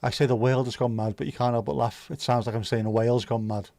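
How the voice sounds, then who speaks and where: With a creaky, darkish mid-range voice and fairly even intonation, this livestream host talks quickly, reading out comments from viewers. He rambles, cracks jokes, and swears a lot, all on a dry recording.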